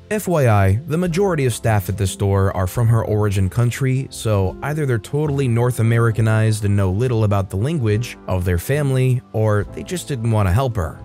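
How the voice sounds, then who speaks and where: A man who hosts a storytime channel, reading reddit stories aloud in a lively scripted narration and briefly acting out the quoted lines. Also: brisk, few pauses. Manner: lively, acts out quoted lines with shifts in pitch. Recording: faint music behind.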